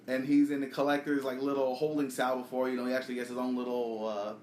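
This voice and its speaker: A man chatting casually on a podcast, recapping a comic book in a rapid, profane way. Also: mid-range voice, level tone, a little mellow, a little hiss or hum. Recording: echoey room.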